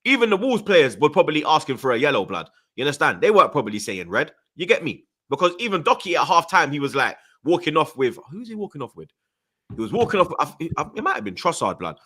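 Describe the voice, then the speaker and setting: Ranting young London man, lively bright voice. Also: on the high side, fast. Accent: London multicultural English. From Jamaican heritage, London. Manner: animated ranting, slang-heavy, stutters when angry. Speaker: football podcast host. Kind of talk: heated casual football chat.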